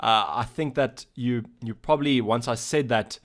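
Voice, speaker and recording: A South African man hosts a relaxed live stream from his own channel. He reads viewers' chat messages aloud and answers each in turn. His delivery is loose and halting, at an ordinary mid pitch for a man.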